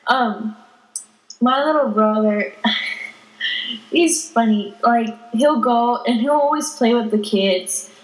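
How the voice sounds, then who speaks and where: A teenage girl chatting casually as a podcast guest, giggling and telling animated stories. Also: on the high side, slow, long pauses. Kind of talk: casual chat. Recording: echoey room.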